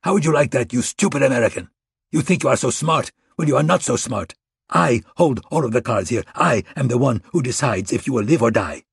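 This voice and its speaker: A man's voice: medium pitch, lively intonation, brisk, gravelly, husky, no echo, studio quality, exaggerated voice. A man voicing a menacing spy-chief general. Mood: threatening. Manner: threatening, shouting and hissing. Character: volatile middle-aged male spy chief, menacing.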